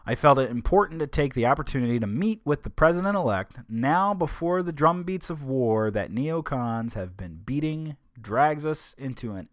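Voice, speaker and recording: A man's voice: mid-range voice, dry recording, studio quality. A man hosting a solo podcast in a casual monologue, rambling, stumbling over his words and making wry asides. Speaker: podcast host.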